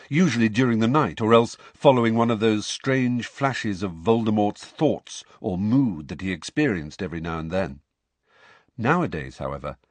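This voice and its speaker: Lively, husky man narrating. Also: medium pitch, dry recording. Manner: expressive, lively storytelling. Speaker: audiobook narrator. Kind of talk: scripted narration.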